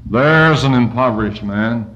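Man, preacher, sermon, middle pitch, swells and drops in pitch and loudness, muffled old recording. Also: a little slow, a little hiss or hum. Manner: preaches with wide swings of pitch and loudness, reading scripture in rising tones. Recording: dull lo-fi recording.

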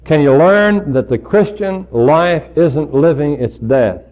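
A man preaching a sermon to his congregation, telling his own story in an earnest voice that climbs to fervent emphasis and sinks low again. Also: expressive, slow, highs cut off.

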